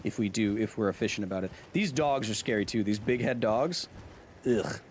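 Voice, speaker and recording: With a lowish voice at a normal speed, a man hosts a live gaming stream, cracking jokes and chatting with viewers as he plays. There's a little hiss or hum in the audio.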